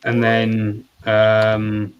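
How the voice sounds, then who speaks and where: A man's voice: on the low side, monotone, extremely slow. An Australian man chatting casually on a call, rambling and swearing offhandedly. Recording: dull call audio with faint noise.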